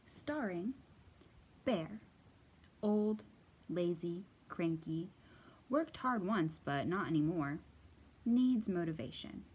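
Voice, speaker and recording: A woman librarian reads a picture book to small children in a slow, sing-song storyteller voice. Her pitch rises and falls in wide, playful arcs. Her tone has a soft husky grain. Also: expressive. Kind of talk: storytime read-aloud.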